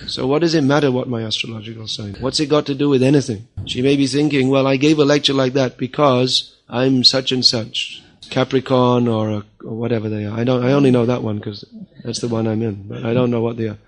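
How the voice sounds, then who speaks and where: A man's voice: mid-range voice, steady tone, brisk, fairly bright tone. A man delivering a religious lecture in a firm, scolding manner. He often quotes others in mock voices. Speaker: spiritual teacher.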